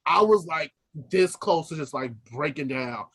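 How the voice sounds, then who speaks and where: A man co-hosts a casual podcast, talking in a slightly high voice. He is an opera singer who chats loosely, laughs often and restarts his sentences as he tells stories. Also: lively intonation, measured pace, fairly bright tone, slightly rough. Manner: chatty, laughs easily, trails off and restarts. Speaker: podcast co-host. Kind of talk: casual chat.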